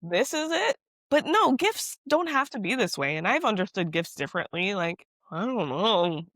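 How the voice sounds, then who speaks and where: A woman co-hosting a podcast in casual chat. She talks in animated, exasperated rants with emphatic outbursts. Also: mid-range voice, moderate pace, no echo. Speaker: podcast co-host.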